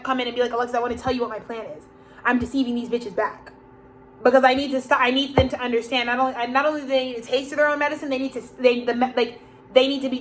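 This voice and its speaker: Woman doing a loose sweary tarot reading, high voice, laughs a lot, puts on little voices for people. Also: a little hiss or hum, low-quality recording. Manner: profane, rambling, laughs often, acts out quoted voices. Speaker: tarot reader. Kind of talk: casual spoken tarot reading.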